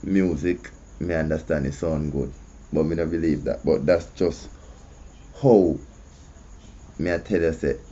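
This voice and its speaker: A man's voice: deep voice, dark tone. A man with a Jamaican accent hosting casual commentary, often asking "you see me". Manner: conversational, repeats "you see me". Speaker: host. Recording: muffled lo-fi audio.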